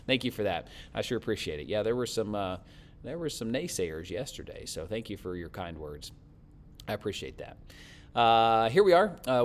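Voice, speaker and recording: A man forecasting the weather and chatting warmly as he reads out viewer comments. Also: mid-range voice. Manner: friendly, chatty, thanks viewers often.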